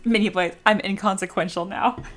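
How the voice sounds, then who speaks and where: A woman's voice: mid-range voice, steady tone, brisk, fairly bright tone, faint music behind. A young woman streamer chatting casually with her viewers, swearing and playing up dramatic mock outrage. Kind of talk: casual live-stream chat.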